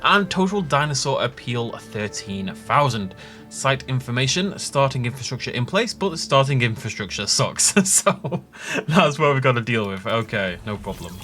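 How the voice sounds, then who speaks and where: A man's voice: mid-range voice, sing-song, normal speed, pushed and bright, faint music behind. A man giving enthusiastic, jokey commentary on his own gameplay as a gaming video host. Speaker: gaming YouTuber.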